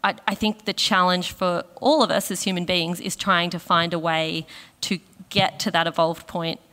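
A woman's voice: fairly low pitch, fairly even intonation, normal speed, bright, forceful tone, long reverb tail. An Australian woman speaking as a guest author in an interview, thoughtful and self-deprecating. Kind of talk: reflective conversational interview.

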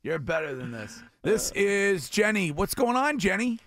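A man's voice: sits high, very animated, a little slow, gravelly, fairly bright tone. A man hosting a radio show in a studio, with playful, teasing banter and frequent laughs. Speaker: radio host. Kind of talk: casual morning radio chat. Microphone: studio mic.

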